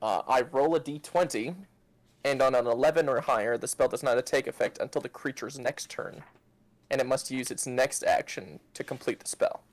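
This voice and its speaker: A man's voice: mid-range voice, normal speed. A man playing a tabletop game, explaining a rule matter-of-factly. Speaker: player. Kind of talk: casual game talk.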